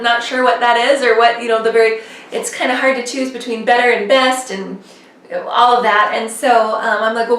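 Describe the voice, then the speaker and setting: A young woman chats casually to the camera, rambling and using lots of fillers. Her voice is fairly high and fairly bright, and the mic sits at a distance in an echoey room.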